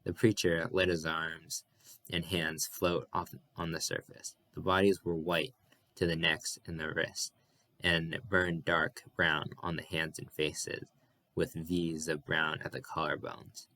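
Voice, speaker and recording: A man reading a novel aloud at an unhurried, even pace. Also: rumbling low, no echo. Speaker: audiobook reader.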